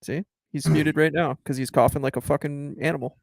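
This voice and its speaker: A man's voice: on the high side, steady tone, fairly quick, gravelly, no echo, studio quality. A man hosting a podcast in casual chat, joking and swearing freely. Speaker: podcast host.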